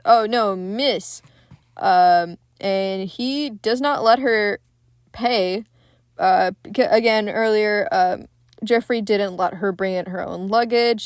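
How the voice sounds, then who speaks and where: A woman's voice: mid-range voice, clear, resonant tone, dry recording, studio quality. A woman hosting a podcast, chatting casually and profanely as she retells a movie scene by scene. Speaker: podcast host.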